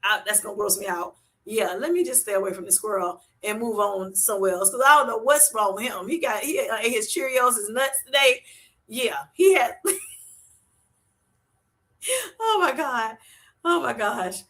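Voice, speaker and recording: A woman hosting a casual livestream, answering viewers' comments with a bright, ringing voice that sits somewhat high. She tells animated stories and laughs often, calling people "honey" and "sweetheart". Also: normal speed. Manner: uses Southern-style endearments like honey and sweetheart. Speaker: livestream host reading chat.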